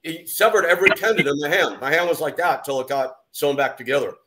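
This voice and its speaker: A man's voice: fairly high pitch, fast talker, noisy background. A man co-hosting a podcast, chatting casually and agreeably. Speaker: podcast co-host. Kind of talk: casual chat.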